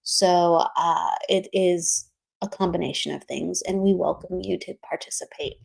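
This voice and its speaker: A woman's voice: fairly low pitch, steady tone, a little slow, gravelly, slightly rough. A woman hosting a spiritual livestream, chatting casually and greeting viewers by name with frequent laughs. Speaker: livestream host. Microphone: streaming setup, remote.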